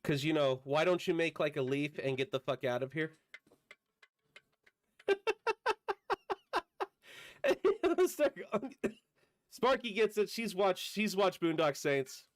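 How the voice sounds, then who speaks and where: A man streaming a video game, chatting casually and bantering with viewers, his voice a bit hoarse from a recent illness. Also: sits high, wildly swooping pitch, slow pace, long pauses. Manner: joking, bantering with chat.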